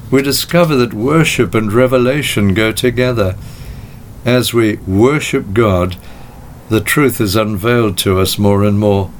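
Measured male preacher, faint hiss. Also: lowish voice. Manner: measured preaching with slowed emphatic phrases. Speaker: pastor. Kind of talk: sermon.

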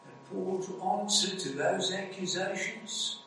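A man preaching a sermon. He builds to emphatic peaks and stresses phrases slowly. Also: sits high, a bit bright, a little hiss or hum. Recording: echoey hall, heard from a distance.

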